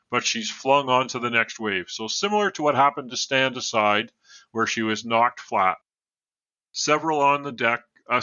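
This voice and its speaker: Guy narrating a true story on a podcast, really bright voice, kinda dull lo-fi mic. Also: mid-range voice, no echo. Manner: narrates from notes, adds casual asides.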